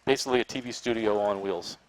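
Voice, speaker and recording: A man's voice: fairly low pitch, fast talker, low-quality recording. A man co-hosting a live broadcast outdoors at a parade, jumping in eagerly and wrapping up the show. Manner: jumps in eagerly, wraps up the show. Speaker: co-host. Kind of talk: casual live broadcast chat.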